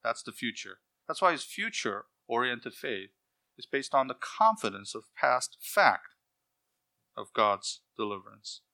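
A male preacher delivers an expository sermon in a bright, forceful voice. He reads scripture aloud and then explains it. He slows down to press home key words. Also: medium pitch, very animated.

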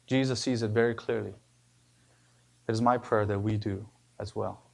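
A man preaching a sermon as pastor, emphatic, his voice rising on key words and dropping low at the ends of phrases. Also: steady tone, moderate pace, creaky. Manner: emphatic preaching with rises and sudden drops.

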